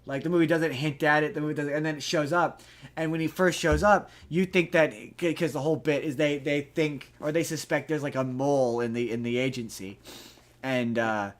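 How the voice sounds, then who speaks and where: Animated, rambling male podcast host. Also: a little high, a little fast. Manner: rambling, animated, swears freely, many restarts. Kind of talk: casual podcast chat.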